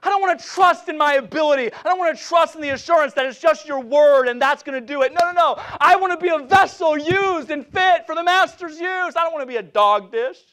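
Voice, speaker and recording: A middle-aged man preaching an impassioned revival sermon in a church, swinging from shouts down to hushed, repeated phrases. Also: very high voice, brisk, hardly any pauses. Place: church sanctuary.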